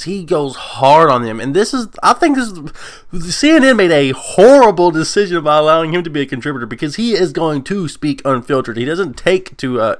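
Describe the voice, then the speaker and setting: A man hosting his own channel, chatting casually and excitedly, rambling and laughing often. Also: medium pitch. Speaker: commentary channel host. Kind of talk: casual vlog chat.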